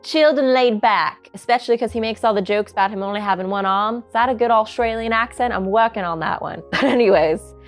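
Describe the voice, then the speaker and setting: Chatty woman reviewer, mid-pitched and excitable, reacting casually over faint music. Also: fast talker, hardly any pauses. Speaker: book reviewer. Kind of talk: casual book reaction chat.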